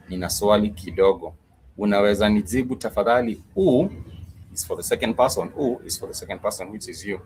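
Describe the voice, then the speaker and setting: A man with a lowish voice leads an online language lesson. He is patient and repetitive, going over each word slowly with plenty of "uh"s, and a faint hum sits behind him. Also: rough recording. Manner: patient, repetitive, drills words slowly with many fillers. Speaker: Swahili teacher.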